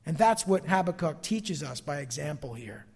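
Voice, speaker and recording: A man's voice: a little high, animated, moderate pace, vocal fry, a little mellow, breathy edge, in a large hall. Pastor guy preaching, voice swoops up and down a lot, calls for amens. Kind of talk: sermon.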